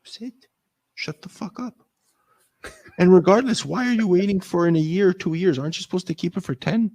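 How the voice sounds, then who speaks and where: A man's voice: sits high, fast, mellow. A man in the middle of a heated, profane rant. He swears freely and fires off one blunt question after another in loose, casual talk. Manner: profane, ranting. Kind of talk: casual chat.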